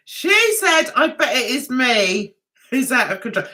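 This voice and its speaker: Chatty woman with a bright, lively voice. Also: high voice, unhurried. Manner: chatty, laughs often, talks straight to viewers. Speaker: livestream host. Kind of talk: casual livestream chat, reading comments aloud.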